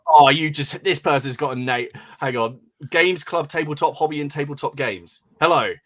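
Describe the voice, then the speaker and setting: Reading listener names aloud on his hobby podcast, this English host stays chatty, trips over the names and laughs frequently. His voice is a little high and a bit bright, at a moderate pace.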